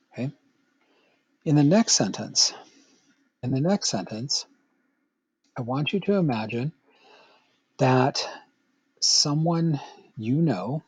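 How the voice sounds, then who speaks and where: A man's voice: medium pitch, a little mellow, breathy edge, lo-fi sound. A middle-aged man teaching a recorded Latin grammar lesson, patient and playful, with joking asides to the student.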